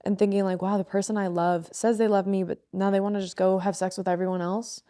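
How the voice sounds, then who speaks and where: A woman's voice: mid-range voice, flat delivery, quick pace, warm tone, smooth. A woman in her twenties, a podcast co-host, frankly and emotionally telling a personal story with a lot of swearing. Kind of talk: candid podcast conversation.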